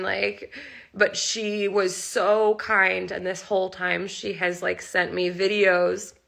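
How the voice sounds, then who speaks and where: Young woman vlogger near tears, very gravelly vocal fry, bright edge, rambling live phone chat. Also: mid-range voice, flat delivery, takes it slowly. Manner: emotional, rambling, heavy use of "like". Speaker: animal rescuer and channel host. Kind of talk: casual live-stream chat.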